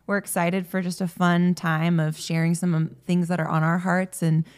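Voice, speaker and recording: A woman co-hosting a casual faith chat. She speaks in a warm, encouraging way. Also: lowish voice, little pitch movement, moderate pace, a little hiss or hum. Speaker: co-host.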